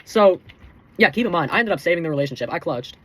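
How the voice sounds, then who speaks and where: A man's voice: on the high side, lively intonation, fast talker, fairly bright tone, a little hiss or hum. A teenage boy telling a heated storytime rant, swearing constantly and calling the listener bro and dude. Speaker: vlogger.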